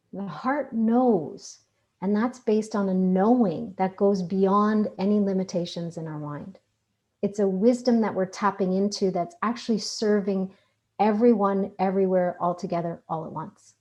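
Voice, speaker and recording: A middle-aged woman speaking calmly in a self-help talk over an online call, building her points in repeated, list-like phrases. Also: mid-range voice. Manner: calm, repetitive, list-like phrasing. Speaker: guest speaker. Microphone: online video call.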